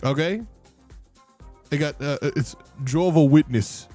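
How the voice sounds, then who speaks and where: A man's voice: on the high side, unhurried, warm tone, faint music behind. A young man livestreaming, chatting casually with viewers, laughing often, rambling and swearing freely. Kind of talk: casual stream chat.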